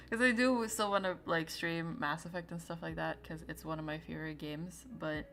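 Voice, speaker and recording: A young woman streamer chatting casually with her viewers, laughing often and trailing into quick asides. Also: deep voice, fairly even intonation, creaky, fairly bright tone, slight background noise.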